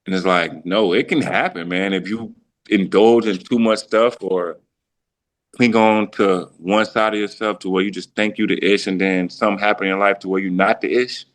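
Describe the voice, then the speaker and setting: On a podcast, a thirty-something former professional football player casually recounts his career. His low voice keeps a fairly even intonation at normal speed, and he rambles loosely, restarting often and quoting what he was thinking at the time.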